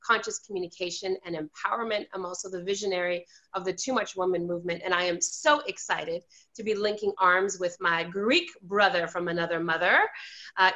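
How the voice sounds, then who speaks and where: A woman's voice: mid-range voice, sharp tone, lo-fi sound. A woman hosting a spiritual online interview, gushing and effusive as she welcomes her guest. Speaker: host.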